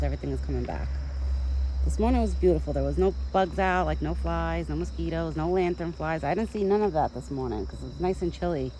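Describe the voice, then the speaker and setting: Her voice sits low and a little mellow as the young woman feeds a deer in her rural yard, chatting casually to her phone camera, rambling, and speaking fondly to the animal. Slight background noise of insects and countryside comes through the low-quality recording.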